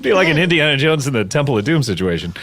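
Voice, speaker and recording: A man hosts a comedy podcast, bantering wryly with a guest who is in character. His voice sits a little high and moves lively up and down. He halts on fillers as he builds his jokes. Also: slight background noise. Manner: wry, teasing, halting with fillers. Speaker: host.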